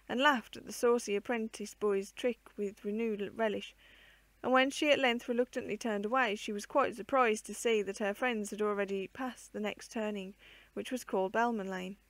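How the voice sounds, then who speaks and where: Lady reading an old kids' book out loud, steady and expressive, super dry sound. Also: fairly high pitch, moderate pace, no room sound. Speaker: storyteller. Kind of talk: reading a classic children's book aloud.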